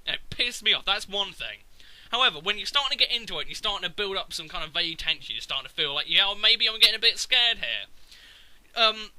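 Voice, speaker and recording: A man's voice: sits high, lively intonation, quick pace, bright, forceful tone, dry recording, rough recording. A man, ranting casually and profanely about a video game. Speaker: gaming video maker. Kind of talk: casual rant.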